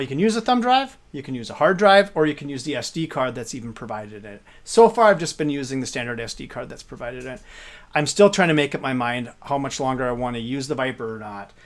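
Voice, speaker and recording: A man casually explaining arcade hardware on a live stream, rambling with fillers as he points things out. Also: mid-range voice.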